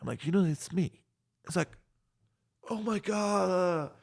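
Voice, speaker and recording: A French-accented man in his forties tells stories as an interview guest. His voice is gravelly and sits a little high. He swears freely and jumps into the voices of the people in his story. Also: slow. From France. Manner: swears a lot, animated retelling with quoted voices. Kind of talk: casual storytelling.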